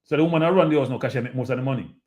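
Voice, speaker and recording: A man's voice: mid-range voice, racing, dull audio. Jamaican man talking straight to his audience. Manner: animated, repetitive, addresses audience as people. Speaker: show host. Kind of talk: casual live-stream commentary.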